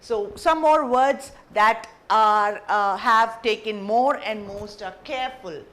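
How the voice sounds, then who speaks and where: A woman's voice: medium pitch, slow pace, fairly bright tone. A woman English teacher explaining grammar off the cuff, chatty, often repeating and rephrasing herself with many fillers. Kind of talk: unscripted classroom explanation.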